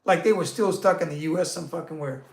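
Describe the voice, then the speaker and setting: A man hosting a casual monologue, answering viewer questions in a blunt, profane, rambling and animated rant. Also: on the high side, fast talker, slight background noise. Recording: roomy echo.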